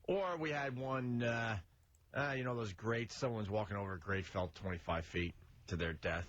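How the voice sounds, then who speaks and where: A man's voice: fairly low pitch, moderate pace, fairly bright tone. A man hosting a radio talk show, chatting loosely, reading out news items and taking callers. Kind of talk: casual radio banter. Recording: dull radio archive with faint hiss.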